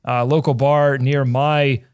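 A man's voice: medium pitch, level tone, slow pace, darkish tone, clean tone, no echo. A man co-hosting a sports podcast, playful and bantering, who says he is hungover. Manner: playful, banters and laughs easily. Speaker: podcast co-host. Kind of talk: casual sports podcast chat.

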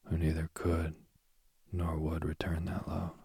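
A man reading a myth aloud as a soothing bedtime story, slowly and softly, drifting into whispers. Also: rumbling low, completely flat delivery, creaky, husky, no echo. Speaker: sleep story reader.

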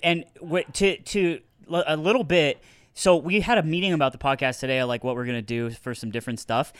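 A young man co-hosting a podcast, chatting casually in an excitable, teasing way and laughing often. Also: fairly high pitch, brisk, clear, resonant tone, no echo, clean studio sound. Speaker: podcast co-host. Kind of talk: casual chat.

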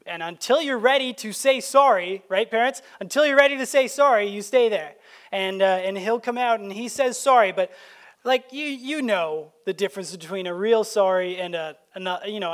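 High-voiced male pastor preaching. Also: moderate pace, fairly bright tone. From Canada. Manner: conversational, anecdotal preaching with frequent restarts. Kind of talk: sermon. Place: church sanctuary.

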